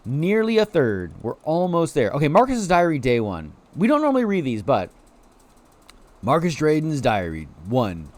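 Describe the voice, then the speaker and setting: Male game streamer, upbeat and playful, fairly high voice that swings all over. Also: moderate pace. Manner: excitable, yells greetings to chatters; playful, quacks like a duck. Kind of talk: casual live-stream chat over gameplay.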